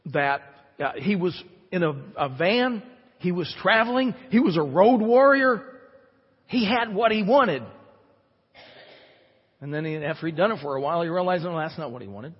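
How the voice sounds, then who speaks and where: Male pastor with a high voice and conversational, emphatic sermon delivery in a reverberant church. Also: normal speed, long pauses, breathy edge. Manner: conversational preaching with emphatic repetition. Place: church sanctuary. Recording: dull church recording with long reverb.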